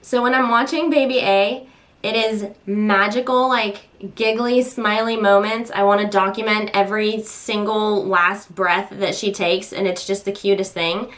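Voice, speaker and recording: A young woman vlogging as a mom, chatting casually and venting with exasperation, popping into high squeals when she acts out voices. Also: fairly even intonation, unhurried, a bit bright.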